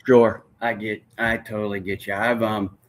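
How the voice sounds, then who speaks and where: A man's voice: fairly low pitch, little pitch movement, normal speed. A man hosting an interview podcast, encouraging his guest with frequent short affirmations and asking long, rambling questions. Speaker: podcast host. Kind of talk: casual interview conversation.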